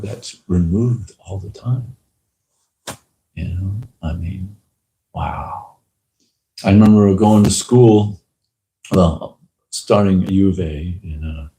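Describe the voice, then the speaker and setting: Man, gravelly voice, dark tone, casual temple talk, animated storyteller. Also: low voice, low-quality recording. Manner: lively anecdotal storyteller, acts out quotes. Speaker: temple speaker.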